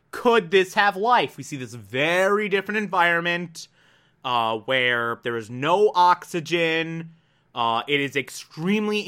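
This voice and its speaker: A man giving casual, rambling commentary, excitable and laughing often, with many fillers. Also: high-pitched. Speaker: reviewer.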